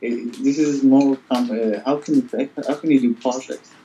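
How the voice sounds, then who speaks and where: A man with a voice, chatting in a relaxed, joking way. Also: mid-range voice, normal speed, slight background noise. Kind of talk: casual chat. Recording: dull lo-fi sound.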